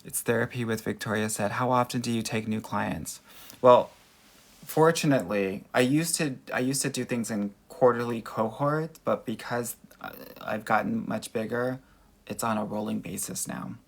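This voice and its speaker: A man's voice: mid-range voice, fairly even intonation, moderate pace, vocal fry. A man working as a dating coach, answering viewer comments in a chatty livestream Q&A with a Valley Girl voice and mannerisms, calling everyone girl and honey.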